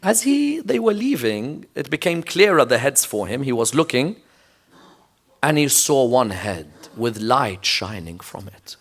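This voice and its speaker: A man's voice: medium pitch, sing-song, unhurried, creaky, a bit bright. A man preaching a sermon in a mosque, telling the story emphatically and checking in with the audience with rhetorical questions. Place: mosque lecture.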